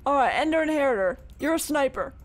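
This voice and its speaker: High-voiced man narrating his gameplay. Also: expressive, fast. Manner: chatty, swears freely, reacts aloud. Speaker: let's play gamer. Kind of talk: casual gameplay commentary.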